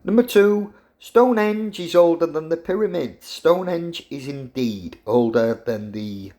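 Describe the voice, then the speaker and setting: A man's voice: fairly high pitch, animated, a little slow, mellow. A middle-aged man, a university professor giving a jokey, teasing lecture to his students. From England.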